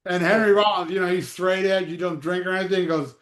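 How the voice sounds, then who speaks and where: A man chatting casually as a podcast host, telling animated stories and swearing freely. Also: sits high, fast talker, roomy sound. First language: Spanish. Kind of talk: casual chat.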